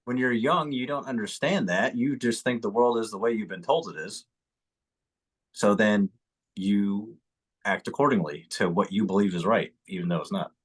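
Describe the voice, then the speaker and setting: A man's voice: on the low side, moderate pace. A man co-hosting a podcast in casual chat, reflective and rambling, with casual swearing. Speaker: podcast co-host.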